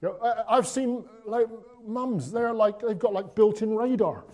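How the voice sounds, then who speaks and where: A preacher with a high, light voice talks to his congregation in an easy conversational way. He drops to a hush, then lifts into excited bursts, and he repeats phrases for effect. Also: measured pace. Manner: conversational, repetitive, swings from hushed to excited. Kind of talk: Christmas sermon.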